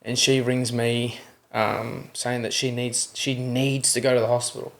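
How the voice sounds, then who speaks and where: A young Australian man with a gravelly, creaky voice tells his story as a podcast guest, earnest and candid. His pitch stays fairly flat as he acts out the voices in his retellings and keeps checking in with "you know what I mean.". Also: a little slow.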